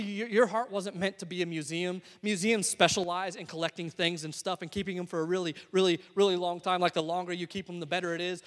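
A young man preaching a sermon, telling stories and swinging from hushed to excited. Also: sits high, fast talker, few pauses. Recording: long hall reverb.

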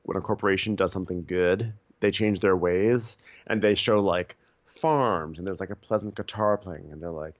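A man co-hosting a comedy podcast, riffing on a reality show with deadpan absurd bits. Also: low voice, normal speed, hardly any pauses, no room sound, highs cut off. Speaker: podcast co-host.

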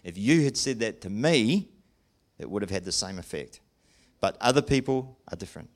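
Animated older New man preaching. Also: fairly low pitch, moderate pace. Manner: animated, plain-spoken, self-deprecating. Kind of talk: sermon. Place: church.

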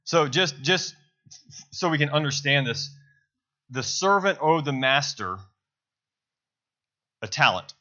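A man's voice: on the high side, expressive, takes it slowly, pauses often, bright, forceful tone, highs cut off. A man preaching a sermon to a congregation in a loose, conversational way, correcting himself as he goes and checking in with "right?". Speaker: pastor. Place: church service.

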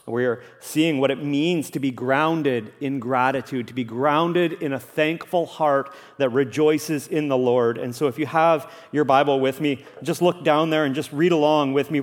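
A man's voice: medium pitch, in a large hall. A man preaching a Sunday sermon as pastor, earnest and emphatic, repeating key phrases for weight.

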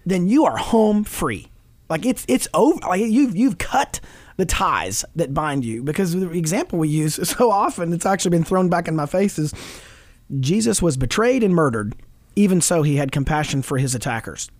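A man's voice: fairly high pitch, moderate pace, dry recording. A middle-aged man on a Christian talk show, speaking earnestly about fatherhood, quoting scripture and laughing often. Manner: animated, preachy, quotes scripture, laughs often.

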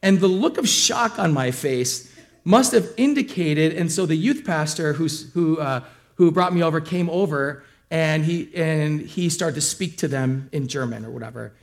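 Middle-aged male pastor, conversational sermon delivery with joking asides, slightly high-pitched. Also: expressive, normal speed, creaky. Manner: conversational storytelling with asides and self-deprecating humor.

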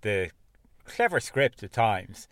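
A man's voice: on the low side, big pitch swings, slow, fairly bright tone, no room sound, clean studio sound. A man chatting casually about a film as a podcast co-host, laughing often and trailing off mid-sentence. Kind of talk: casual film review chat.

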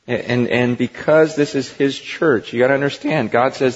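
A man's voice: medium pitch, fairly even intonation, normal speed, slightly rough. A man preaching a sermon as pastor, emphatic and conversational, recorded in a church sanctuary. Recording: dull lo-fi recording with long hall reverb.

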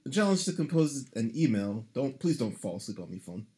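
A man's voice: medium pitch, very animated, fairly quick, a little mellow. A man co-hosting a casual podcast, reading a listener's email aloud in a dry, joking way. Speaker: podcast co-host.

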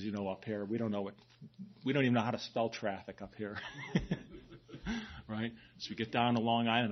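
A priest giving a sermon, telling stories in a chatty way and often asking "right?". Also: male voice, mid-range voice, dull audio. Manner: conversational storytelling, frequent "right?".

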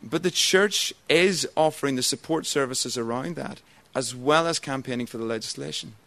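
A man and church member giving a formal debate speech, measured and argumentative. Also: medium pitch, creaky, bright, forceful tone.

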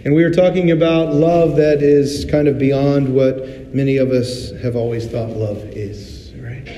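Conversational pastor preaching in a roomy hall. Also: male voice, mid-range voice, fairly even intonation, measured pace, mellow, lo-fi sound, a little hiss or hum. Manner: candid and conversational, acts out little voices. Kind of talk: sermon. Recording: roomy hall reverb, faint ambience.

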